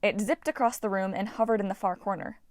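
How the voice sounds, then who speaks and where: A woman reading a fantasy novel aloud as an audiobook narrator, voicing characters in a lively way. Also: fast talker, no echo. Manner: lively, voices characters with shouts. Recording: dry, low-quality home recording.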